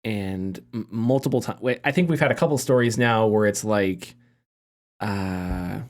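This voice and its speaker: A man's voice: fairly low pitch, unhurried. A man hosting a casual podcast discussion, talking in a conversational way that hedges and thinks aloud. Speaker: podcast host.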